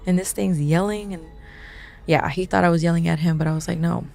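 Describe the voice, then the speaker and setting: A woman telling a ghost story in a casual, animated way, acting out the quotes and swearing as she goes. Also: fairly low pitch, a little fast, creaky, faint music behind. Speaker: guest.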